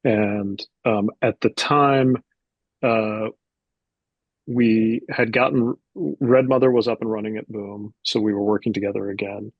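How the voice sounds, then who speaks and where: A man's voice: on the low side, unhurried, no echo, dull audio. A man in his forties, a publisher, telling an anecdote casually and acting out the dialogue as an interview guest. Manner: animated anecdote teller, acts out dialogue. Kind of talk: casual storytelling.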